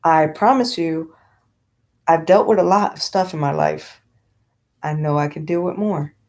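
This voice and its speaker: Woman, vlog rant, slightly low voice, blunt, profane, rambling. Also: sing-song, unhurried, a little mellow. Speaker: vlogger.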